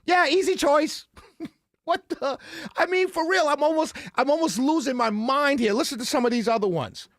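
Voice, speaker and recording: A man's voice: very high voice, moderate pace, fairly bright tone, no room sound, clean studio sound. A man hosting a political commentary, ranting off the cuff with incredulous, exasperated outbursts, stammering repetitions and scoffing laughs.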